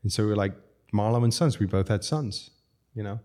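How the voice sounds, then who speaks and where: Guy with a low mellow voice rambling thru restaurant stories, laughs a lot. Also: brisk. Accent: non-American English. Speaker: restaurateur guest. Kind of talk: casual storytelling chat.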